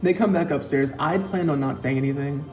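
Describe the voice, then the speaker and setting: A man's voice: on the high side, fairly quick, a little mellow. A young man casually telling a personal story, chatty, with lots of "like" and retold dialogue. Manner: chatty retelling with many likes and quoted dialogue. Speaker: vlogger. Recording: roomy echo with faint music.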